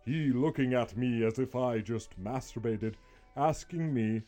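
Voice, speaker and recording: A man giving a dramatic poetry reading, theatrical, swinging between muttering and shouting. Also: mid-range voice, measured pace, soft background music.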